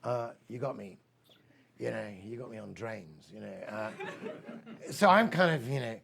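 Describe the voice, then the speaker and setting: A man's voice: mid-range voice, moderate pace, creaky, fairly bright tone, slight background noise. A man giving a talk, rambling and enthusiastic, telling a personal story and reading poetry aloud. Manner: rambling, enthusiastic, many fillers. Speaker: speaker at a weekend of talks.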